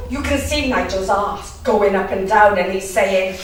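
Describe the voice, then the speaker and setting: A woman's voice: medium pitch, a little hiss or hum, close to an everyday voice. A young Welsh woman from the valleys, performing a teasing, bawdy monologue and laughing often. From South Wales valleys. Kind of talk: dramatic monologue. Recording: echoey room, distant mic.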